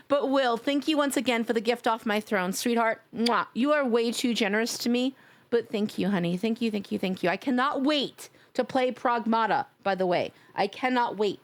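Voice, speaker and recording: A woman's voice: on the high side, fairly quick. A woman live-streaming, chatting casually with her viewers, gushing and playful as she reads chat aloud.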